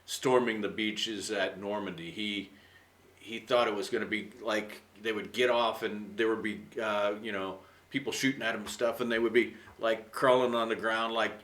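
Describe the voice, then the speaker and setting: Low-voiced guy teaching idioms, sharp tone, sounds kinda far from the mic in an echoey room. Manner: rambling, chatty, many fillers. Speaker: English teacher. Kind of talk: casual video lesson.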